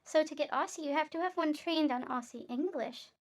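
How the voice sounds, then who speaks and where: A woman's voice: high voice, brisk. A woman streamer giving casual gameplay commentary in a chatty, explanatory way.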